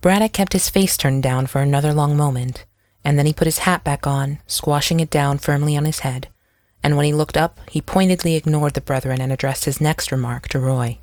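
A woman narrating an audiobook in a measured, even storytelling manner. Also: deep voice, dry recording.

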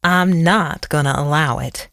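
A narrator voicing a grizzled, tired older male county sheriff who speaks bluntly and gruffly in an audiobook. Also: medium pitch, moderate pace, no echo, studio quality, lightly acted. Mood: harsh.

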